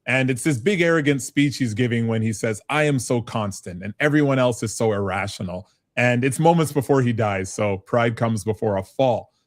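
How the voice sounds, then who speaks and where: Middle-aged man from Canada, business advisor guest, mid-pitched voice, animated and self-mocking, chatty interview delivery. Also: normal speed, hardly any pauses, no room sound, clean studio sound. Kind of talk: conversational interview.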